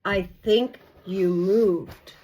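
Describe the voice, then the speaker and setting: A woman voicing a big, gruff male wolf in a storybook read-aloud, low and slow. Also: fairly even intonation, mellow, dull audio. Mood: suspicious. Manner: slow, drawn-out, coaxing.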